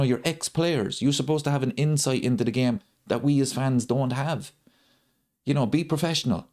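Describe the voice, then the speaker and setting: Hosting a football watchalong channel, this man rants on a live stream and keeps repeating his points to drive them home. His voice is medium in pitch and a touch mellow.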